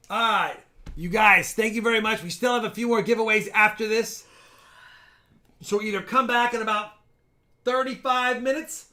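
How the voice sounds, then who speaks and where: A man hosting a casual live stream, joking with viewers and loudly counting down giveaways. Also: high-pitched.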